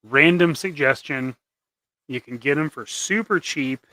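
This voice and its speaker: A man's voice: on the high side, measured pace, pushed and bright, dry recording. A man hosting a casual livestream while he paints custom action figures, rambling and trailing off into mumbles.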